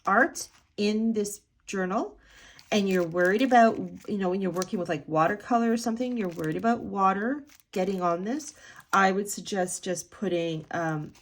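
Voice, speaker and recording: A woman's voice: mid-range voice, moderate pace. Chatty sing-song woman crafter. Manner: chatty, sing-song, frequent ums and laughs. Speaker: art journal maker showing her work. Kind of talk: casual flip-through commentary.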